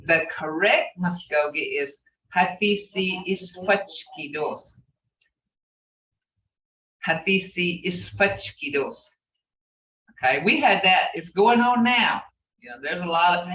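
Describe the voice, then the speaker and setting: In this informal online language lesson, an older woman with a lowish, fairly bright voice teaches a relaxed class. She wanders a bit in her explanations and keeps checking in with "okay?" to see if everyone is keeping up. The recording is dull lo-fi, with an echoey, far-off quality.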